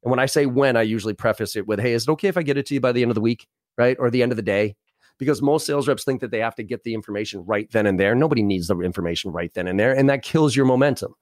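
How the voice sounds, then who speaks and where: A man giving brash, animated sales advice in a podcast conversation, acting out both sides of sales calls. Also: medium pitch, rapid-fire, no echo, clean studio sound. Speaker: sales trainer guest.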